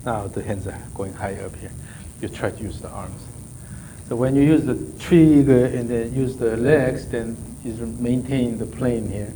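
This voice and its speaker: A man's voice: mid-range voice, measured pace, warm tone, slight background noise, low-quality recording. A man working as a golf coach in a live session, calling out short repeated drill cues and then explaining the movement.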